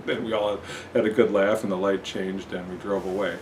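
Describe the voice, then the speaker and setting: Brief: man, lowish voice, casual self-mocking storyteller, air conditioner noise behind. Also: level tone, normal speed, low-quality recording. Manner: rambling, self-mocking, many fillers.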